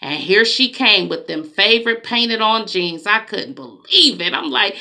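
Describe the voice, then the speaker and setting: A woman preaching in a slow, emphatic, conversational way, with dramatic asides. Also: medium pitch, animated, gravelly, bright, forceful tone. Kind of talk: preaching monologue.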